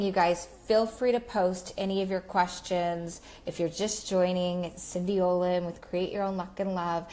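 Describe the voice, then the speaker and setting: A woman life coach talking on a Facebook Live, reflective and slow, with many fillers. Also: fairly low pitch, darkish tone.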